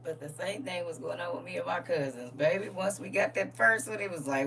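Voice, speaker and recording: A woman's voice: lowish voice, normal speed. A middle-aged woman at home, casually chatting with her livestream viewers. She greets them by name and laughs often. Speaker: livestream host. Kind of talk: casual morning livestream chat. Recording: slightly distant mic with faint hum.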